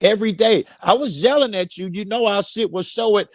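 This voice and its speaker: A man's voice: high-pitched, a little fast, no room sound, studio quality. A man co-hosting a podcast, in a heated, profane argument, pressing his partner with repeated questions. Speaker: podcast co-host.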